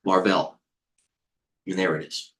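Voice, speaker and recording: A middle-aged man hosting a live trading stream, giving casual market commentary in a rambling way, with quick asides, restarts and talking to himself. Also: low-pitched, flat delivery, bright, forceful tone. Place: indoor room with a heater on.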